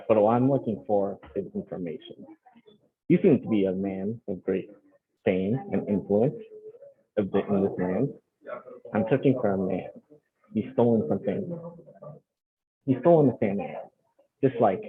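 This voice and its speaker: A man's voice: fairly low pitch, lively intonation, moderate pace, long pauses. A man playing an earnest paladin over a tinny line. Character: solemn male paladin seeking a thief.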